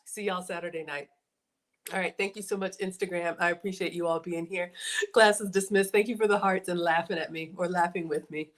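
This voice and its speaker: A woman's voice: on the low side, fairly even intonation, a little fast. A woman in her forties hosting a casual livestream, chatting to her viewers in a folksy way and calling them y'all. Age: 40s. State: out of breath. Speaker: livestream host.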